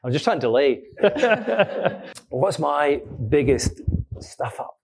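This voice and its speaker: A chatty man speaks at a live event venue with an audience. He answers questions in a relaxed, self-deprecating way and laughs often between thoughts. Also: fairly high pitch, slow, gravelly, breathy edge. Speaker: podcast host being interviewed.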